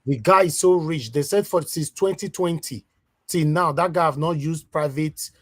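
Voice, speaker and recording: Husky-voiced Nigerian male host. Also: fairly high pitch, normal speed, a bit bright, dry recording. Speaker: talk show host. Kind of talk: hosting a panel discussion.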